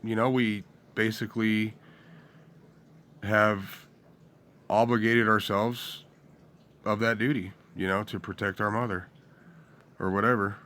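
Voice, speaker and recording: A man's voice: on the low side, flat delivery, measured pace, long pauses, a bit bright. A young man ranting bluntly and profanely in a rambling casual monologue to his viewers. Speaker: vlogger.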